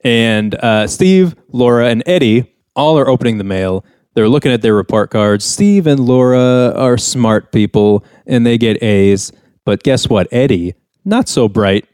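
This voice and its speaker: A man's voice: medium pitch, a little slow, darkish tone, clean tone, no echo, clean studio sound. A young man co-hosting a casual podcast, recapping a sitcom episode in a rambling way and acting out the characters' lines. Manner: rambling storyteller, acts out characters' lines with raised voice. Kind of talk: casual chat.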